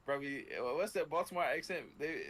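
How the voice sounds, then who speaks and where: A man's voice: a little high, fast talker, a bit bright, a little hiss or hum. A man co-hosting a sports podcast, talking casually with many restarts and fillers, sometimes swearing. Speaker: podcast co-host.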